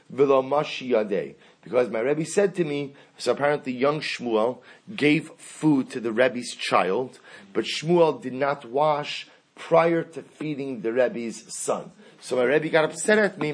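A man's voice: medium pitch, breathy edge. A man teaching a Talmud lesson, reading the text aloud and then explaining it step by step in English.

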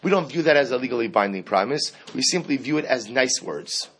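Husky-voiced man teaching Talmud. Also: mid-range voice, fairly quick. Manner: animated, acts out quoted speakers, mixes Aramaic terms into English. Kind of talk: Talmud class lecture.

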